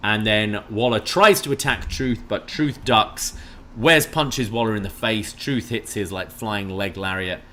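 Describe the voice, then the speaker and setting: A man's voice: fairly low pitch, measured pace, sharp tone, a little hiss or hum. A man from Britain whose accent has drifted toward Canadian, co-hosting a casual podcast and recapping the events in a dry, understated way. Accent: mixed British and Canadian. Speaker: co-host.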